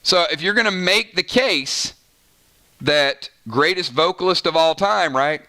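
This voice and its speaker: A man hosts a casual livestream, reading viewer comments aloud and bouncing between quick asides. His voice sits a little high and sounds bright and forward. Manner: chatty and animated, quick asides, frequent "right?". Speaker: host of a gaming channel livestream.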